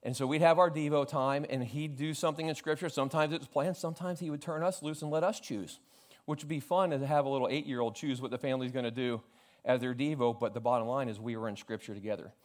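A man's voice: mid-range voice, fast. Man preaching a storytelling sermon. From South Florida. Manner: storytelling with humor, animated quoting of family. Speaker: pastor.

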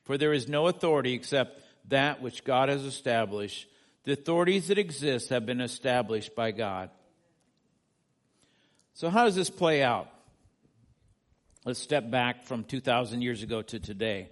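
A man's voice: medium pitch, lively intonation, moderate pace, pauses often. A male pastor preaching a sermon from the United States, earnest, building to emphatic peaks and asking the congregation questions.

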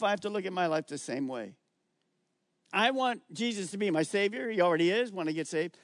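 A middle-aged male pastor preaching a sermon, emphatic and slowing down on key words as he reads scripture aloud. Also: high-pitched, no room sound, clean studio sound.

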